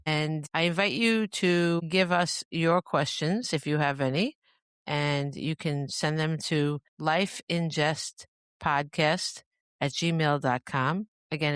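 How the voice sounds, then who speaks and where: A woman's voice: sits low, clean tone, no room sound, studio quality. A woman hosting a podcast in a rambling, chatty monologue, often breaking into laughter. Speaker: podcast host. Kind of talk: casual monologue.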